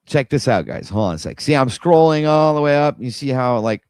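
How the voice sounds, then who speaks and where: A man of middling pitch hosts a casual livestream and rambles on in an exasperated tone, talking straight to his viewers. His voice sits close and dry, with no room sound around it. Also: lively intonation, a little fast, darkish tone, clean tone, no echo. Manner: rambling, exasperated, talks to viewers while scrolling. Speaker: livestream host.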